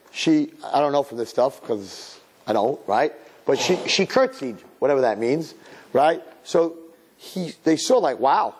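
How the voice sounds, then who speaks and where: A middle-aged man teaching a sermon-style class to a room of girls, telling a story with sudden jumps in pitch for emphasis and mixing in Hebrew and Yiddish words. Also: dark tone, slightly rough. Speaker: Torah teacher.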